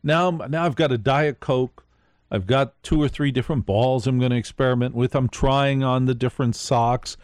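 A man's voice: mid-range voice, moderate pace, a little mellow, no echo. A man hosting a live late-night radio show, telling a rambling story and speaking straight to his listeners.

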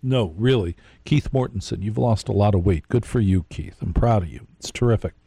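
A man's voice: on the low side, a little fast, vocal fry, mellow, breathy edge, no room sound. A man hosting a live late-night radio show, telling a rambling story and speaking straight to his listeners.

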